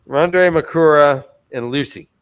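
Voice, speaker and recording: A man's voice: on the high side, a little slow, smooth. A man co-hosting a podcast, casually recapping book chapters in loose, profane chat.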